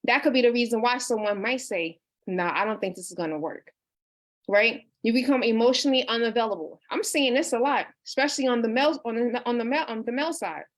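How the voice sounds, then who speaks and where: A woman in her thirties, a life coach hosting a book discussion, reads viewer comments on a livestream, talking casually and earnestly. She is personal and sincere, restarting often and saying "you know" a lot. Her voice is on the high side, and she talks fast with hardly any pauses.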